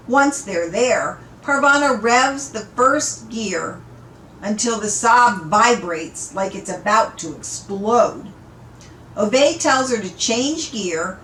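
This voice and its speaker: Woman, audiobook reader, slow, amused storytelling, echoey room. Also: on the high side, fairly bright tone, a little hiss or hum. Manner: unhurried, amused storytelling with small laughs. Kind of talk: read-aloud story narration.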